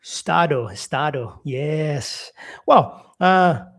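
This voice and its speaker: A man's voice: fairly high pitch, expressive, slow. A young Brazilian man with a Portuguese-accented English, hosting a casual live stream where he reads out viewer questions and answers them with plenty of fillers. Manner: chatty, reading out viewer comments, frequent fillers.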